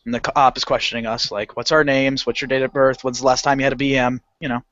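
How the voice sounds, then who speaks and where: A man's voice: mid-range voice, quick pace, no echo. A man telling a story on a casual podcast, laughing, swearing and acting out the people in it. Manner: animated, swearing, laughing often, acting out voices. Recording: lo-fi dull podcast audio.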